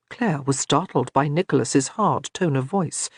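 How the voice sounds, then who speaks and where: A narrator reading a historical romance audiobook in a steady, measured way. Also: mid-range voice, breathy edge, dry recording, clean studio sound. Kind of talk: scripted narration.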